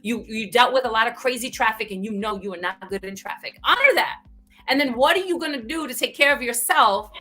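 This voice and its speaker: Guest woman, bright and a touch high, animated personal storytelling, faint music under. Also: a little fast. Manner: animated, frequent "right?" tags, bursts of laughter. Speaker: guest speaker. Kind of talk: candid conversational storytelling.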